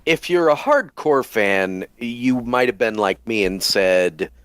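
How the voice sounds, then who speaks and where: A man co-hosting a casual podcast chat, explaining things in a measured way. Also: on the low side, lively intonation, a bit bright, smooth, no echo. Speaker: podcast co-host.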